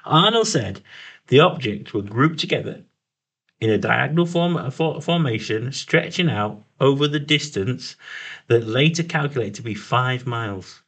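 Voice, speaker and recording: A man's voice: medium pitch, animated, moderate pace, a bit bright. A man co-hosting a casual chat, reading out an account with frequent stumbles and self-corrections. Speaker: podcast co-host reading the story. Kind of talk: casual banter, reading out notes.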